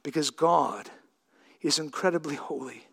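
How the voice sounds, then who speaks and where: Man, pastor, sermon, slow and measured delivery, emphatic, rising to shouts. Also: on the high side, gravelly, husky. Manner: emphatic, swelling to shouts on key lines.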